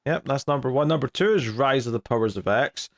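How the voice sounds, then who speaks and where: A man chatting casually as a podcast co-host. He is dry and blunt and slips into mock outrage. His voice sits at a middling pitch for a man. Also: brisk. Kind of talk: casual chat.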